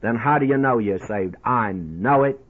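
Man, radio preacher, folksy storytelling sermon, husky, phone-thin sound. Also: medium pitch, normal speed. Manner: folksy, addresses listeners as "my friend". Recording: tinny lo-fi radio broadcast.

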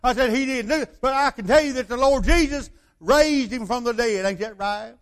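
A man's voice: very high voice, moderate pace. An older man preaching a sermon, rambling through stories and asking his listeners rhetorical questions.

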